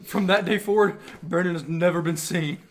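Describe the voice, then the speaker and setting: A young man co-hosting a casual podcast, telling a crude story in an animated way and laughing as he talks. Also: high voice, normal speed, a little hiss or hum. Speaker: podcast co-host. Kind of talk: casual chat. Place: outdoors.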